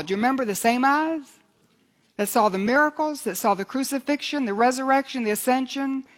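A woman's voice: high-pitched, a little fast. An older woman preaching a sermon with earnest fervor, her voice climbing when she reads scripture aloud. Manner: earnest, fervent, rises for scripture readings.

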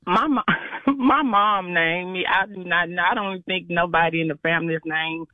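A woman's voice: lowish voice, normal speed, dry recording, narrow, tinny audio. A woman from Arkansas with a Southern country twang, calling in to a radio quiz and giving short, nervous answers. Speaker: caller and contestant.

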